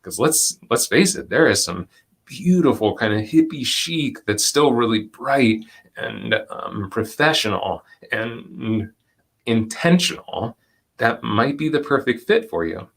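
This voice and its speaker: Gentle, reflective man leading a workshop. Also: mid-range voice, lively intonation, gravelly, breathy edge. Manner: gentle, reflective, with slow deliberate stretches and soft laughs. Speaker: presenter and educator. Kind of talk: live online workshop, reading chat comments.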